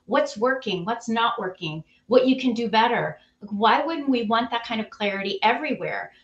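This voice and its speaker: A woman's voice: fairly high pitch, roomy sound. A woman guest, a CEO and author, talking through her ideas in an interview, articulate and emphatic, building her points in lists. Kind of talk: conversational interview.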